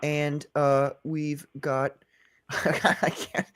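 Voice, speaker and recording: A man's voice: fairly high pitch, flat delivery, slow, long pauses, a bit bright. A man hosting a casual livestream chat, joking, laughing often and reading viewer comments aloud. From Maryland. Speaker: host.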